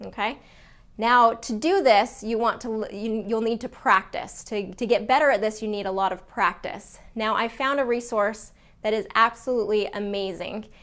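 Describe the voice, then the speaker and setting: A woman teaching English to learners in a casual video lesson, explaining clearly with some fillers and restarts. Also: on the high side, moderate pace, fairly bright tone.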